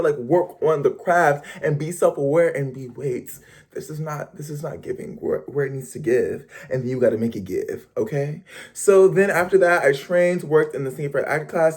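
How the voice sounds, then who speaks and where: A young man talking to camera in a casual motivational vlog, chatty and playful, with lively slangy asides. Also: on the high side. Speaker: vlogger.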